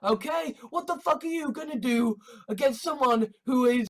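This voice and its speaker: A man's voice: very high voice, lively intonation, unhurried. A man ranting exasperatedly in a monologue vlog, swearing heavily. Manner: heavy swearing, exasperated rants. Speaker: vlogger.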